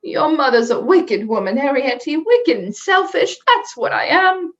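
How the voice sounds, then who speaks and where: A woman voicing a fussy, anxious little mother in a storybook reading, her voice high and quavering, over faint music. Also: big pitch swings, unhurried, a bit bright, dull audio, heavily acted. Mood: fretful. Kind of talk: storybook read-aloud.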